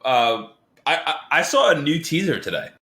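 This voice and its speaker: A man co-hosting a podcast in casual chat, animated and laughing often. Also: a little high, moderate pace. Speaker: podcast co-host.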